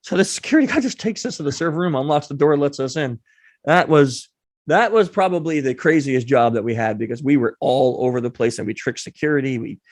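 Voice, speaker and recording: Man telling a lively story, dry sound. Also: a little high, no echo. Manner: lively anecdote teller acting out the people in his story. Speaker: guest. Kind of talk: animated storytelling.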